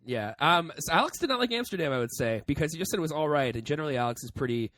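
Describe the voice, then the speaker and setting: Quick, wry young podcast man. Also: on the high side, animated, fairly bright tone. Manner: wry, playful banter. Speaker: podcast co-host. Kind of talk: casual chat.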